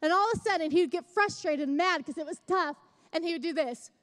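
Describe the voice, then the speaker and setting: Young woman, very high pitch, church speaker; chatty personal story building to fervent sermon. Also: fast, fairly bright tone, long reverb tail. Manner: chatty, self-mocking, builds to fervent exhortation. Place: church service.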